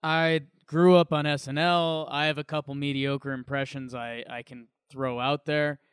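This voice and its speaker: A man co-hosting a podcast, rambling and animated in casual chat. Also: a little high, normal speed, clean tone, no echo, studio quality. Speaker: podcast co-host.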